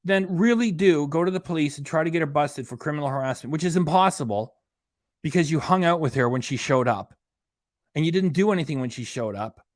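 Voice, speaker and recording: A man's voice: a little high, expressive, a little fast, no echo. A man hosting a reaction channel, scolding a streamer in an angry, profane rant. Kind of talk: angry commentary on a livestream.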